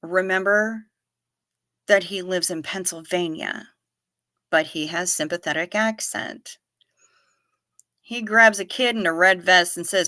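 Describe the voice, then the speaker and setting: A woman's voice: fairly low pitch, a little slow, pauses often, sharp tone, no room sound, studio quality. A woman hosting a casual livestream, chatting and answering viewer comments in a rambling, profane way full of stammered restarts. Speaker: livestream host. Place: home, livestream without camera.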